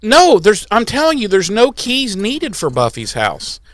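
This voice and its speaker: A man co-hosting a recap podcast, joking and swearing as he walks through the plot. His voice sits a little high and swings widely in pitch. The recording is dry and close, with no room sound. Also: a little slow, dry recording. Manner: animated, jokey, profane, puts on silly voices. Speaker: podcast co-host. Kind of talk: casual recap chat.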